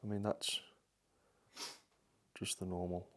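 A man's voice: sits low, flat delivery, slow pace, a bit bright. A man on a ghost hunt inside a house at night, explaining things matter-of-factly to his viewers. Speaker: paranormal investigator.

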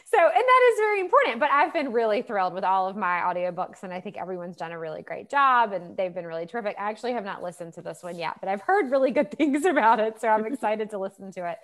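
Animated and quick, with few pauses, the woman author chats in a mid-range voice during a casual video-call interview, loosely filling her talk with fillers and laughter.

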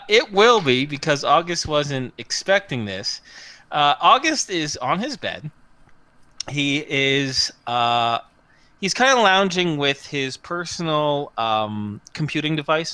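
A game master narrating a tabletop game with amused, halting delivery full of fillers. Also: medium pitch, very animated, sharp tone, no echo.

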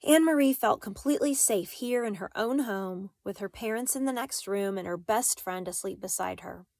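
Woman narrator, measured storytelling, dry close mic, mid pitch. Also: darkish tone, no echo. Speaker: audiobook reader. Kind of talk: reading a children's novel aloud.

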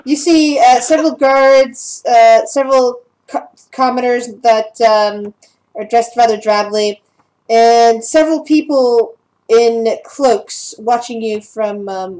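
Hesitant woman game master, a bit high. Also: unhurried, a little mellow, poor audio. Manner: hesitant, with many fillers and restarts. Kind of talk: narrating a tabletop game.

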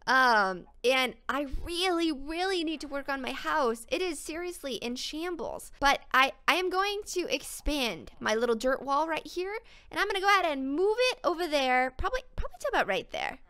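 Bubbly high-voiced young woman gamer. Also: lively intonation, moderate pace, hardly any pauses, sharp tone. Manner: bubbly, chatty, easily distracted. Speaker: gaming YouTuber. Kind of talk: casual let's-play chat.

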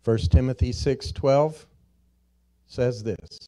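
A man preaching a church sermon, slowly drawing out key words, rising to loud emphatic peaks and dropping to quiet, low stresses. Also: expressive. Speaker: pastor. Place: church sanctuary.

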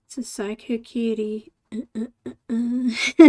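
Woman, 40s, host of a live art stream; high voice, unhurried, chatty and giggly. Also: little pitch movement, dark tone. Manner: chatty, laughing, teasing her cat. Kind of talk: live coloring stream chat.

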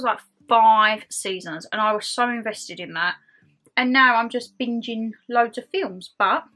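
Chatty woman vlogger, bright and a touch high, self-mocking, music under her voice. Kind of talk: casual chat to camera while eating.

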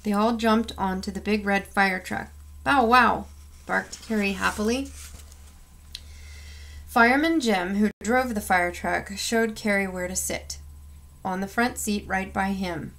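Expressive woman reading a picture book. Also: medium pitch, measured pace. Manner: expressive, acts out sound effects. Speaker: storyteller.

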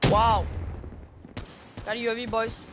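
A young man commentating his own shooter gameplay with excitable, frustrated outbursts. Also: extremely high pitch, measured pace, slight background noise. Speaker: gaming streamer. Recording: game gunfire loud behind voice. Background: gunfire from the game.

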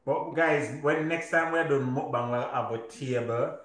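A man's voice: medium pitch, unhurried, a bit bright, echoey room, poor audio. A man with a Jamaican accent co-hosting a casual food chat, with playful patois-heavy banter. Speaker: co-host.

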